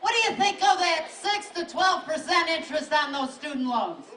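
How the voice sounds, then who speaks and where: A woman's voice: high-pitched, expressive, moderate pace. A woman from Western New York with a Western New York accent, a congressional candidate giving an emphatic, rousing speech at an outdoor rally. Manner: rousing, emphatic, punchy repeated lines. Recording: echoey, distant from mic, crowd noise.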